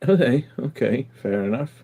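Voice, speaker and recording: A man's voice: mid-range voice, expressive, normal speed, mellow, husky. A man in a casual late-night stream chat, rambling through crude jokes and laughing often.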